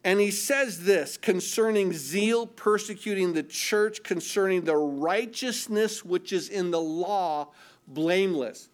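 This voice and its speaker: A man's voice: high-pitched, slow pace. A man pastor preaching a sermon, asking rhetorical questions and acting out quoted voices.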